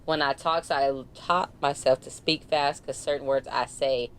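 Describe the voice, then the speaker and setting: Fast-talking Bay Area woman, low voice. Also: fairly even intonation, slight background noise. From San Francisco Bay Area. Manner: fast-talking, laughs often, drops her R's. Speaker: podcast host. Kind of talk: casual chat.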